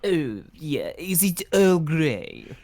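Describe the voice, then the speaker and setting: A man voicing a prim, fussy British gentleman with a put-on posh British accent, in improvised comedic role-play on a stream. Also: fairly high pitch, big pitch swings, full character voice. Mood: pompous. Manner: pompous, slow and savoring.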